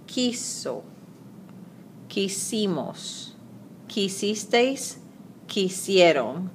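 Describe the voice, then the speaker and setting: A woman teaching grammar, slowly reading out verb forms and translating examples. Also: a little high, fairly bright tone, a little hiss or hum. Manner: slow, deliberate, repeating conjugations aloud. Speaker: Spanish teacher. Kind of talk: slide-based grammar lesson.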